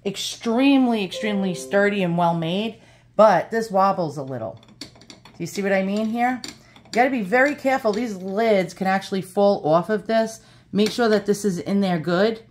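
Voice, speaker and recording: A woman's voice: mid-range voice, moderate pace, darkish tone, slight background noise. A woman with a New York accent giving a casual, blunt product review with lots of ums and uhs. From Brooklyn, New York. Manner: chatty, blunt, many fillers.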